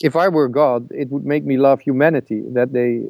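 Gravelly, halting male caller. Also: medium pitch, steady tone, darkish tone, no echo. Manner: halting, with many repeated restarts while searching for words. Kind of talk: casual call-in conversation.

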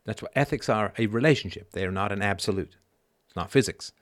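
Sarcastic, animated man in his fifties. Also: fairly low pitch, fast. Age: 50s. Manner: animated and sarcastic, swings from quiet asides to loud emphatic outbursts; rhetorical, keeps asking "right?". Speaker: show host. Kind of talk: live show monologue.

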